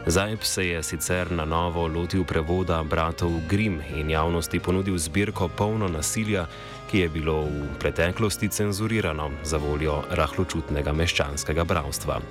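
A man hosting a show, reading a scripted narration in an even, measured way. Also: low-pitched. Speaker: radio show host. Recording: music bed under voice. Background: guitar music.

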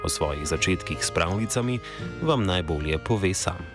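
A man hosting a show, reading a scripted narration in an even, measured way. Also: sits low. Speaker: radio show host. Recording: music bed under voice. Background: guitar music.

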